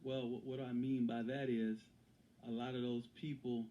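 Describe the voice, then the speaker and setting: A man's voice: medium pitch, flat delivery, moderate pace, dark tone, muffled recording. A man as an interview guest and author, talking earnestly in casual conversation, often repeating phrases and restarting.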